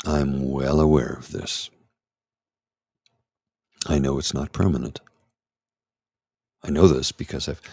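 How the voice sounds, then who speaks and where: A middle-aged man talking candidly and haltingly through an anxiety attack, his voice trembling as he restarts his sentences. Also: very deep voice, vocal fry, husky, no room sound. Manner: halting, restarts, anxious and shaky. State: anxious, trembling voice. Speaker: ASMR channel host. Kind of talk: candid personal talk.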